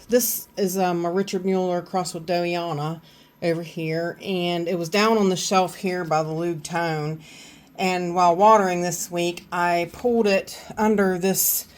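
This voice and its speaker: A middle-aged woman with a Southern US accent, chatting casually and rambling through a walkthrough of her plants at home. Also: on the low side. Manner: chatty, rambling, many fillers and restarts. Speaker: orchid vlogger. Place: indoors at home among plant shelves.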